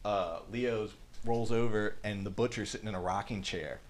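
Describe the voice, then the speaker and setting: Speaking at a moderate pace in a fairly low voice, this podcast co-host retells a film's plot in a casual, rambling way. He swears without restraint and performs the quotes himself.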